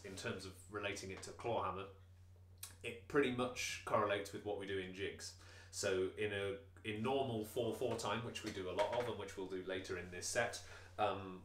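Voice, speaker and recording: A man's voice: low voice, fairly bright tone. A man teaching a banjo tutorial, explaining patiently and counting beats aloud, with many fillers. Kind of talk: instrument tutorial. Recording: roomy echo, banjo playing behind.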